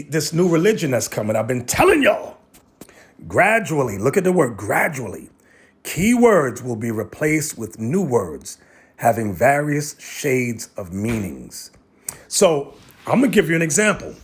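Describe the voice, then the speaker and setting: A man's voice: fairly high pitch, darkish tone, husky. A man giving a sermon, reading a document aloud and breaking off to address his listeners directly with emphatic commentary. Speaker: religious teacher.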